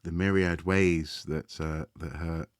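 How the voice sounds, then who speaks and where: A man chatting casually to viewers as he draws on a live stream, relaxed and thinking aloud, often trailing off mid-sentence. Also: sits low, takes it slowly, clear, resonant tone, no room sound, studio quality. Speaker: art streamer. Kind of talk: casual chat while drawing live.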